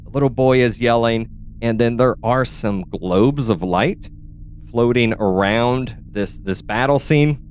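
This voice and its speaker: A man's voice: mid-range voice, unhurried, slight background noise. A man narrating a tabletop game as game master, describing scenes in detail and searching aloud for words.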